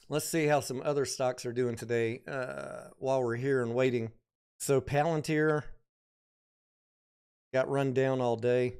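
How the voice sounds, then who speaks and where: Smooth-voiced man hosting a market livestream. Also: medium pitch. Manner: chatty, reads viewer comments aloud, thinks out loud. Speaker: stock market livestream host. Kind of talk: casual livestream commentary.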